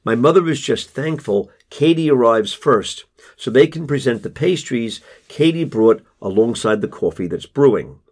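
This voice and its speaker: A man narrating a first-person memoir in a measured, restrained way. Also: medium pitch, lively intonation, darkish tone. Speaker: audiobook narrator.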